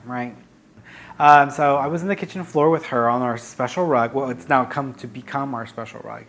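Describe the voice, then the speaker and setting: A man's voice: mid-range voice, fairly bright tone. A man telling a personal story in a casual, frank way, with frequent fillers and self-corrections. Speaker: vlogger, psychic medium.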